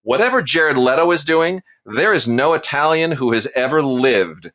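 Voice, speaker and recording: A man's voice: fairly high pitch, expressive, normal speed, a bit bright. A man in his forties co-hosting a podcast, giving casual, opinionated film reviews with emphatic delivery. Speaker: podcast co-host.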